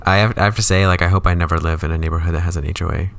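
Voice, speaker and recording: Very low-voiced man comedian. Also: steady tone, very fast, vocal fry, a bit bright. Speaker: podcast co-host and comedian. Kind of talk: casual chat.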